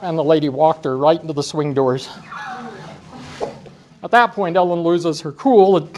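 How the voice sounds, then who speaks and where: A man with a high voice gives a conference talk as a driver trainer, speaking at a moderate pace in a session room with slight background noise. He's an animated storyteller, telling self-deprecating stories and acting out what people said.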